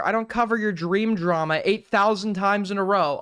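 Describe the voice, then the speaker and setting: A man's voice: high voice, normal speed, few pauses, fairly bright tone, clear, resonant tone. A young man hosting a casual live stream, rambling and crude, often restarting his sentences. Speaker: streamer host.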